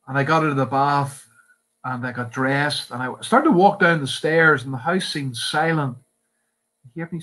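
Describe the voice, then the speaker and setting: A man in his fifties with a Northern Irish accent, a pastor telling his life story as a sermon testimony in earnest, with emphatic pauses. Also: mid-range voice, a bit bright, poor audio. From Northern Ireland.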